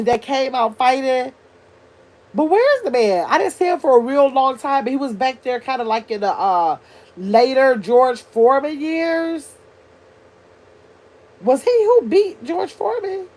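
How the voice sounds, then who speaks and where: An older woman hosts a relaxed livestream, talking straight to her chat and wondering aloud as she goes. Her voice sits a little high for a woman, and her speech is lively and conversational. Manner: chatty, animated, thinks out loud, addresses chat as y'all. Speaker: livestream host reading chat.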